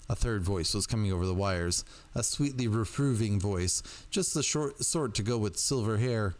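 Low-voiced man reading a book aloud. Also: lively intonation, normal speed, hardly any pauses. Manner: casual, chatty, with fillers. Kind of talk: casual audiobook reading.

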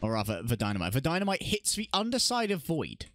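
Animated sarcastic male game commentator. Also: mid-range voice, fast talker. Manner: animated, sarcastic, swears and laughs often. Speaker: esports commentator. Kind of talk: comedic game commentary voice-over. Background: background music.

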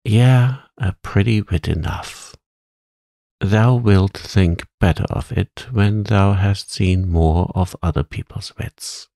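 A man's voice: sits low, slow, creaky, warm tone, no echo, studio quality, heavily acted. A man voicing a cunning, doting old witch with a coaxing, conspiratorial manner in a storybook reading.

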